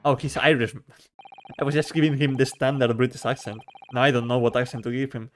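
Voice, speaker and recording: A man's voice: mid-range voice, little pitch movement, a little fast, faint music behind. A man streaming a game, chatting casually with self-deprecating asides between readings. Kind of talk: casual let's-play commentary.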